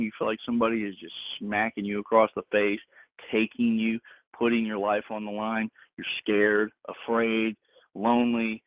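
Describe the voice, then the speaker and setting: A man's voice: fairly low pitch, dry recording. A man preaching informally to a group on a call, emphatic and slangy, repeating words for stress. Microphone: phone. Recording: tinny dry phone line.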